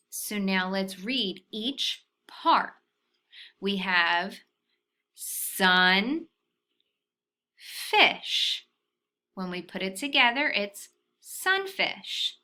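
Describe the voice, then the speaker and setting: Slow, bright-voiced woman teaching phonics. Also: medium pitch, animated. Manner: patient, slow teaching, checks in with frequent soft "okay?". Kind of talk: phonics lesson for young children.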